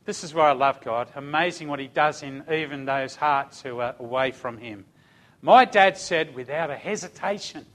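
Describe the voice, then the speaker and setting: A man's voice: mid-range voice, normal speed, a bit bright. An older man giving a religious testimony, telling his story in an earnest, conversational way.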